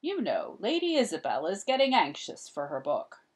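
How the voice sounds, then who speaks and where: A woman reading the part of a prosperous medieval bookseller, smooth and coaxing in a storybook read-aloud. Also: medium pitch, huge pitch swings, normal speed. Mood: businesslike.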